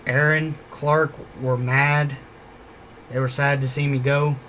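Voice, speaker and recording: A man's voice: a little high, flat delivery, slow, a bit bright, slight background noise. Rambling man telling a work story. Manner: rambling, swears often, repeats "literally". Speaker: former store worker. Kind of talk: casual storytelling vlog.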